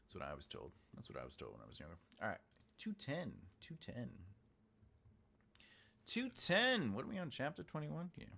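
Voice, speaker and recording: An author livestreaming his writing process chats casually with viewers while outlining a story, muttering notes to himself between jokes, with keyboard clicks behind him. His pitch swings hugely from phrase to phrase, and his voice is creaky and sharp, at normal speed with long pauses.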